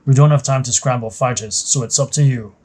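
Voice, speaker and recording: A man's voice: mid-range voice, brisk, mellow, close to an everyday voice. A man voicing a friendly male pilot lieutenant with a familiar grin, read aloud from a game's story text. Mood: urgent. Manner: teasing, then urgent.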